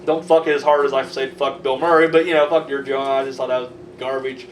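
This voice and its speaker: This horror news vlogger talks fast in a steady, medium-pitched voice, ranting and swearing his way through casual, wandering commentary. The audio is roomy and faintly noisy, picked up by a distant mic.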